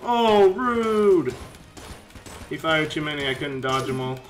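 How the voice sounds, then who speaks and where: A man giving casual let's-play commentary, rambling and chatty with sudden excited yelps. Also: medium pitch, fairly quick, slight background noise. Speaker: game commentator.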